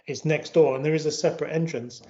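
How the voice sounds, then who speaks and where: A man's voice: fairly high pitch, fairly even intonation, fast, mellow. Chatty British man with lo-fi sound. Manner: storytelling, chatty anecdotes. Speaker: co-host. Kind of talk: casual chat. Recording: dull lo-fi sound.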